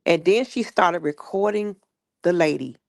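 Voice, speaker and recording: A woman, casually retelling a story and acting out the quoted people in lively bursts. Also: fairly low pitch, measured pace, creaky, no room sound, clean studio sound. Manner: animated retelling with quoted voices. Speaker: guest recounting stories.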